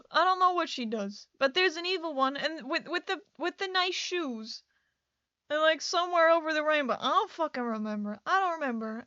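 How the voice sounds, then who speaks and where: A woman's voice: sits high, lively intonation, a little fast, bright, forceful tone, no room sound, lo-fi sound. A woman doing a casual voice-over for her building video, rambling and scattered, with many restarts and bursts of laughter. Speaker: video creator.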